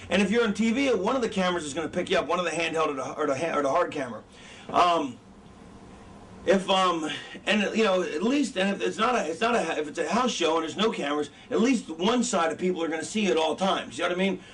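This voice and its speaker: A man's voice: high-pitched, expressive, fast, a bit bright. A man lecturing wrestling students in a casual, profane, rambling way, often losing his train of thought. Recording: distant mic with background noise.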